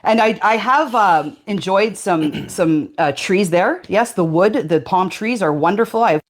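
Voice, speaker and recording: A woman's voice: medium pitch, expressive, measured pace. A woman answering interview questions in a hesitant way, with many fillers and restarts. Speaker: interview guest.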